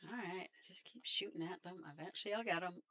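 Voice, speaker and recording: A woman's voice: on the low side, fast talker, vocal fry, sharp tone. A Canadian woman with a Canadian accent, chatting casually while playing a game and talking to the enemies on screen. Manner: chatty, laughs often, talks to enemies. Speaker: game streamer. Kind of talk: casual gameplay commentary.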